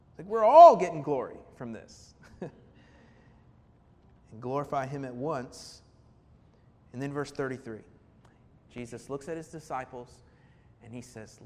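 Male pastor, a touch high-pitched, earnest sermon delivery, long hall echo. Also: animated, normal speed, long pauses, warm tone. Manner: earnest, building emphasis with repetition and rhetorical questions. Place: church sanctuary. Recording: reverberant hall with faint rumble.

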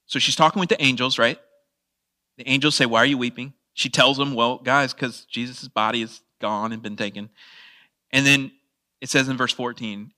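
A man's voice: medium pitch, normal speed, pushed and bright. A man preaching a conversational sermon, asking the audience questions and laughing at his own asides. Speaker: pastor.

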